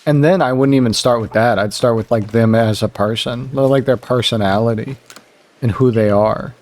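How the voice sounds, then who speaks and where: A young man chatting casually while streaming a game, rambling and animated, jumping high when he quotes other people. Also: normal speed.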